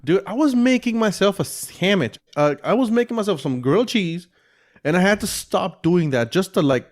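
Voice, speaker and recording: A laid-back man co-hosting a casual podcast mostly listens and answers with short reactions. His pitch is a little high and moves a lot. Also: lively intonation, moderate pace. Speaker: podcast co-host.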